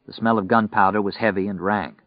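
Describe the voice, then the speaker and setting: An audiobook narrator with a lowish voice reads a scripted story in steady, measured tones. The recording is dry, dull and lo-fi.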